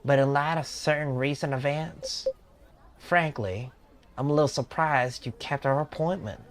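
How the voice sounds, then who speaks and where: A man's voice: on the high side, normal speed, pitched above the performer's own voice, close to an everyday voice. A streamer voicing a troubled, formal young man in a game with a put-on American Southern accent. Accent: attempted American Southern.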